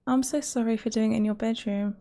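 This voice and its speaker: A young woman giving crude, excitable running commentary while she plays a life-simulation game. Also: a little high, a little fast. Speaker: gaming streamer. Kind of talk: casual let's-play commentary.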